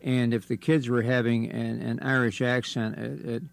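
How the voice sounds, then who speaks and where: A man who is a guest on a radio program, explaining points at length in a steady, explanatory way. His pitch is mid-range, and he is a stickler for historical detail. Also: moderate pace, gravelly, no room sound. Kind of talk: casual radio conversation.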